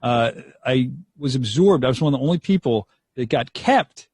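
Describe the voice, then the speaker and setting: A man's voice: mid-range voice, normal speed, husky, dry recording, studio quality. A young man, a radio DJ telling stories animatedly in an interview. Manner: animated, acts out quotes, laughs often. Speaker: radio DJ guest. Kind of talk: storytelling interview.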